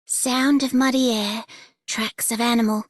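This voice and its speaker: An actress voicing a young woman game character on watch, in an attempted Australian accent with slow, drawn-out vowels. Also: a little high, steady tone. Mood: watchful.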